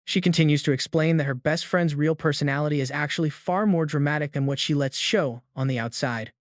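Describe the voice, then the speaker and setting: A man narrates a manhwa recap in smooth, scripted storytelling at a brisk pace. His voice is a little high and stays even. The sound is close and dry, with no room noise.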